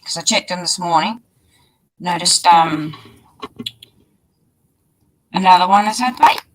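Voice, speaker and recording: A woman's voice: fairly low pitch, unhurried, slight background noise. Chatty woman narrating a video clip. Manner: chatty, explaining. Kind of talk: vlog narration.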